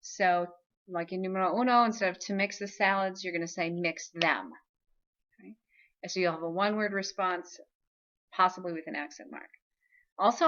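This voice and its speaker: A woman with a bright, forceful voice talks through a recorded video lesson. She explains step by step and keeps checking in with "okay?". The recording sounds dull and lo-fi. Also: medium pitch. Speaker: Spanish teacher.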